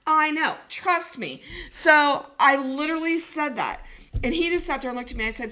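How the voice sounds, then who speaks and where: A woman co-host spins a story in a casual, animated way, laughing as she goes and acting out each person's lines. Her voice is bright and forceful and sits a little high. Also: normal speed, slight background noise. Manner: animated, laughing, swearing, acts out quotes. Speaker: podcast co-host.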